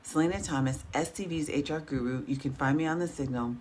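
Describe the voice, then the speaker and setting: A woman's voice: sits low, quick pace, darkish tone, slight background noise. A woman host giving an upbeat, scripted sign-off for her show.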